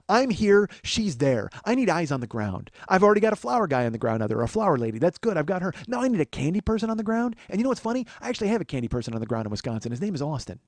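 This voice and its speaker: A man's voice: fairly high pitch, very animated, rapid-fire, darkish tone, no echo, studio quality. Profane, exasperated man ranting. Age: 40s. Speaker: podcast host. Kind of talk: comedic storytelling monologue.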